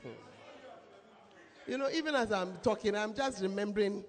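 A woman pastor preaching a sermon in a lively, shouting, laughing manner. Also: mid-range voice, moderate pace. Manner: animated, shouts and laughs often. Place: church hall with congregation. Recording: reverberant hall, faint crowd.

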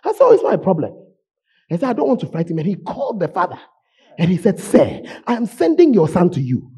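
A man preaching a sermon in a church, voice hoarse, swinging from shouts to low murmurs. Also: wildly swooping pitch, fast. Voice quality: husky. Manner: emotional, shouting preaching with sudden drops to low tones. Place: church sanctuary.

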